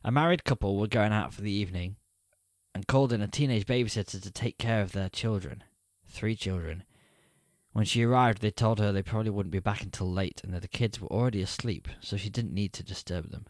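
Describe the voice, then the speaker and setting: Wry male podcast co-host, low-pitched, casual. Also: fairly quick, no room sound, clean studio sound. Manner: wry, teasing. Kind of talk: casual chat.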